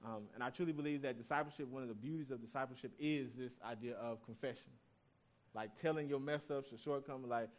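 A man's voice: medium pitch, steady tone, quick pace. A male pastor giving a sermon, reading scripture and telling stories in a conversational way, with asides to the congregation.

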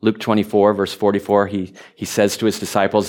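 A man preaching a sermon, animated, stumbling over repeated words and rising to emphatic peaks. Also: on the low side, brisk, hardly any pauses. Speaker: pastor.

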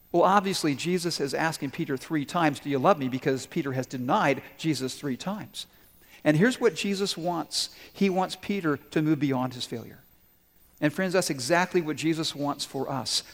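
A male pastor preaches a sermon with a slightly raised pitch. He tells stories with lively acted-out quotes. His voice rings out with a long hall reverb. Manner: storytelling, animated quoting of characters.

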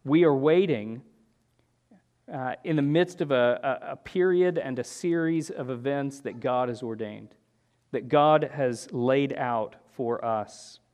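Male preacher, mid-pitched voice, earnest teaching sermon with conversational restarts. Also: takes it slowly, darkish tone. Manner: earnest, with rhetorical "right?" and frequent restarts. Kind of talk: expository sermon.

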